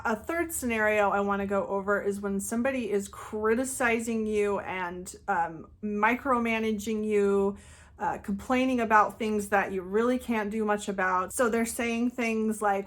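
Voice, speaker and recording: A woman calmly and earnestly giving advice in a monologue, now and then acting out quoted pleas in a raised voice. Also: normal speed. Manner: calm, earnest, acts out quoted pleas in higher voice. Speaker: channel host giving advice.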